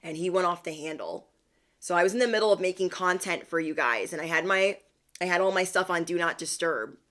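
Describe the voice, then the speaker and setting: A woman vlogger in a chatty, animated retelling of a family story, using slang as she talks to her viewers. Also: lowish voice, brisk. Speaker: spiritual vlogger. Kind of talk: casual storytelling.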